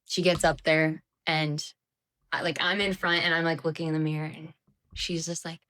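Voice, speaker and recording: Chatty woman telling a story, lower-pitched. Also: flat delivery, moderate pace, a bit bright, clean tone. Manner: chatty, laughing, filler-heavy storytelling. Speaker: podcast co-host. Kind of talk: casual chat, storytelling.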